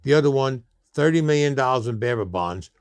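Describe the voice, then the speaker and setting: An older man with a thick New York accent spins blunt, streetwise stories, now and then slipping into the voices of the people in them. His voice sits at an ordinary middle pitch, and the sound is very dry and close, with no room around it. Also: animated, a little fast, smooth, no room sound. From Brooklyn, New York. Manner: blunt, streetwise storyteller who acts out quoted people. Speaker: interview guest. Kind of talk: storytelling interview.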